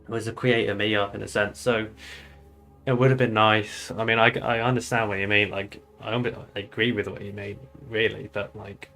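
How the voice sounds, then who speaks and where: A man's voice: on the low side, little pitch movement, normal speed, bright, forceful tone, faint music behind. A young British man chatting casually on a live stream, loose and swearing often with laughing asides. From United Kingdom.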